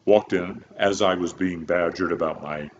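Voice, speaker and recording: Older man from Kansas, very low voice, rambling anecdotes full of "um"s, slightly dull recording with faint hiss. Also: fairly even intonation, normal speed. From Kansas, USA. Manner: rambling, many fillers and restarts, frequent chuckles. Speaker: opera bass telling career stories. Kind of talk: relaxed interview storytelling.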